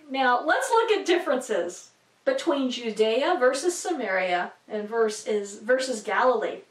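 A woman teaching about the Bible in a casual, rambling way, full of fillers and asides. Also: sits high. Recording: echoey room, distant from mic.

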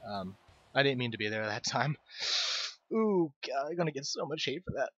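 A man talking over a video game, rambling, stumbling over words and laughing at his own slips. His pitch swings a lot. The recording is dull and lo-fi, with faint game music behind. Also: big pitch swings, normal speed, a bit bright, husky. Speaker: gaming video host. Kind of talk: casual game commentary.

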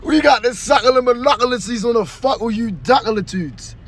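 Man, high voice, playful nonsense boasting with invented words. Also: normal speed, slight background noise.

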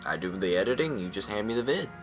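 A sleep-deprived young man talks close to his webcam in a low, loose voice, hyper and rambling. He is goofy and scattered. Music plays clearly under his talk. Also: lively intonation, quick pace. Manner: rambling and goofy, hyper, jumps between silly voices and mock poetry. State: exhausted from lack of sleep. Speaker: gaming YouTuber. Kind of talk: rambling casual vlog talk. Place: indoors at home, at night into dawn. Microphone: webcam close to the face. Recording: music playing behind.

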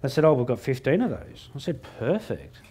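A middle-aged man giving a humorous keynote on stage before a live audience, joking and mocking himself with quick asides. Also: mid-range voice, sing-song, warm tone, breathy edge. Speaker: motivational speaker.

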